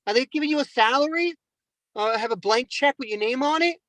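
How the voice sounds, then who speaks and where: A man's voice: extremely high pitch, brisk, fairly bright tone, no room sound, low-quality recording. A man doing stand-up comedy, rambling and mocking himself, often calling the crowd "guys".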